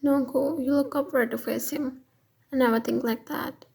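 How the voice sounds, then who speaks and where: A woman's voice: high-pitched, steady tone, moderate pace, creaky, a little mellow, a little hiss or hum. Woman reading as a tearful young girlfriend. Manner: hesitant, stuttering.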